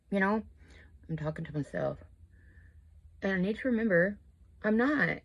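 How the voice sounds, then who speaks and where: A woman's voice: mid-range voice, animated, normal speed, gravelly, pauses often. A woman, chatting casually and rambling while she does her makeup at home. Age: 50s. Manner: rambling, chatty, self-deprecating. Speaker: crochet and makeup vlogger. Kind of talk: casual chat while getting ready.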